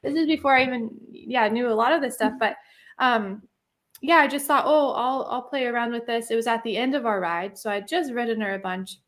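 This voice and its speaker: A woman's voice: a little high, a little fast, a bit bright. Woman guest chatting away, lots of ums and likes, laughs a lot. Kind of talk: casual storytelling.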